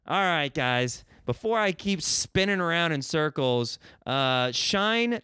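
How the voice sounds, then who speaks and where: A man's voice: fairly high pitch, big pitch swings, slow, pushed and bright, smooth, dry recording, studio quality. A man from Missouri hosting a solo podcast, rambling and joking with a profane, self-mocking streak. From Missouri, United States. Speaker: podcast host.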